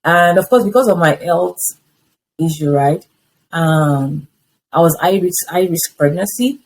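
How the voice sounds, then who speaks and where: A woman in her fifties, an interview guest, tells her personal story with animation, acting out the conversations she had along the way. Her voice is lowish and a little slow, and the rough recording carries a little hiss or hum.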